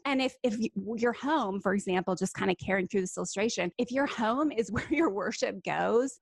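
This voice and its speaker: Animated American woman, tag questions. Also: on the high side, vocal fry, husky, dry recording. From United States. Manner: animated, says "right?" often, slows for emphasis. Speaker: guest speaker. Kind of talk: Christian radio talk.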